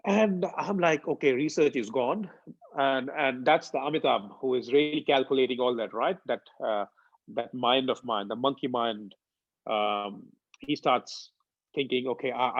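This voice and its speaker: A man's voice: medium pitch, dry recording, dull audio. A man from India giving a devotional talk, telling a personal story earnestly and acting out its dialogue. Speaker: satsang speaker.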